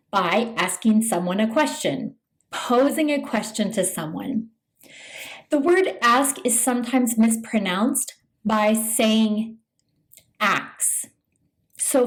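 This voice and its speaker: A woman teaching English pronunciation in a scripted lesson, speaking slowly and enunciating each word with care. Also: fairly high pitch, rough recording. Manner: slow, deliberate, careful enunciation.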